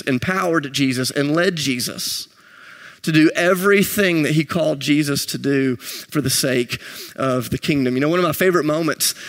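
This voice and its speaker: Pastor preaching with rising intensity. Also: male voice, a little high, a bit bright. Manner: storytelling, self-deprecating, builds to rising intensity. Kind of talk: sermon.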